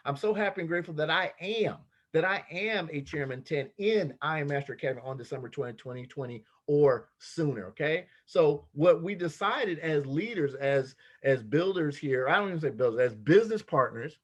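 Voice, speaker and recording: A man leading a motivational business training, talking casually and acting out bits of everyday dialogue. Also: on the high side. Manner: animated, acts out little dialogues in other voices. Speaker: team leader giving business training.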